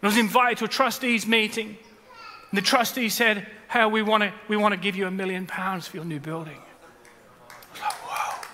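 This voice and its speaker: A man, preaching a sermon and telling stories with loud bursts and hushed asides. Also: high voice, fairly quick, long reverb tail, noisy background. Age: 40s. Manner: animated storytelling, swings between loud bursts and hushed asides. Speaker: pastor. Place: large church hall.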